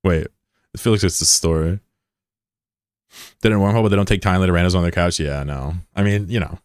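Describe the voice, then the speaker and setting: A man's voice: sits low, a little fast, clear, resonant tone, no echo, clean studio sound. A man streaming a game in loose, joking chat, greeting and teasing viewers in slang. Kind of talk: casual live-stream chat, reading viewer messages.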